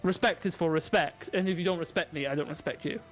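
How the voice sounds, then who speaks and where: A man's voice: fairly high pitch, quick pace, faint music behind. A man, co-hosting a casual podcast chat, brash and profane, laughing often. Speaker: podcast co-host.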